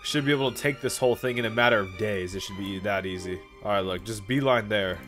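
A man's voice: fairly low pitch, fast, fairly bright tone, soft background music. A man giving casual, joking commentary on a strategy game and chatting to his viewers. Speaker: gaming YouTuber.

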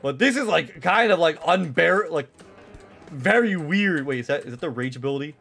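A young man with a high, very lively voice that leaps up and down as he comments on his own live gameplay. He rambles, swears freely and leans on filler words, and faint music plays underneath him. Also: moderate pace, creaky. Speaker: streamer.

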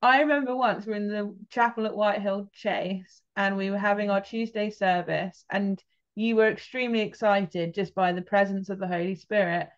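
A woman's voice: medium pitch, steady tone, normal speed, lo-fi sound. A woman interviewing a ministry director, asking long questions with fillers and restarts.

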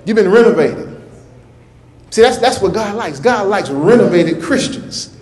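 High-voiced folksy preacher in an echoey church. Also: male voice, expressive, a little slow, darkish tone. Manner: folksy, repetitive, rhythmic preaching. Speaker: minister. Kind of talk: sermon.

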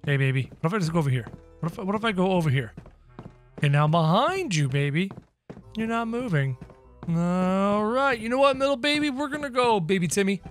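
A man giving playful, excitable let's-play commentary, chatting to game characters and his viewers as he plays. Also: fairly high pitch. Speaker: gaming channel host.

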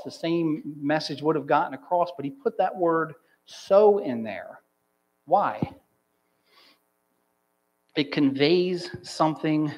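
A male pastor delivers a sermon in a church, his voice sitting a little high for a man. He drives home single words with strong emphasis and drags out the important phrases. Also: poor audio. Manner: emphatic preaching, stresses single words, slows on key phrases. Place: church sanctuary.

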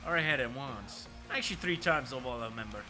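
Excitable male streamer over game music. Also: mid-range voice, racing. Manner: excitable, animated, chatting to viewers, swears casually. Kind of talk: live gameplay commentary. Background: arcade racing game music.

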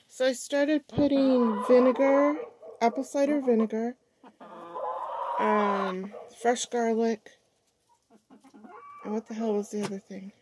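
Chatty woman explaining chicken care slowly. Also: on the high side, steady tone. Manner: coos to her hens in a sing-song baby voice between plain explanations. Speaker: backyard chicken keeper. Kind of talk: casual vlog chat. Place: outdoors by a chicken coop. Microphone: handheld phone. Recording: noisy outdoor phone recording. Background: hens clucking.

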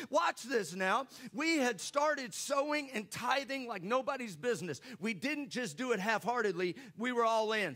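Pastor, high voice, preaching through a story with jokes. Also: male voice, pushed and bright. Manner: storytelling, joking with the congregation. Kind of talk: sermon.

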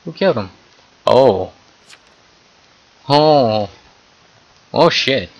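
A young man giving casual, excitable commentary while playing an online game, often swearing and exclaiming at what happens. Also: mid-range voice, extremely slow, no echo, highs cut off. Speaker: gameplay commentator.

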